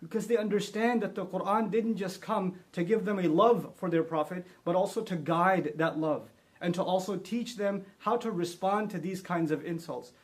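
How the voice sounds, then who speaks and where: A man with a rather high speaking voice delivers a short religious talk. He grows emphatic as he makes his points and drops to a quick murmur for honorific phrases. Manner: builds to emphatic, rising delivery when quoting scripture. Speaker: Islamic speaker.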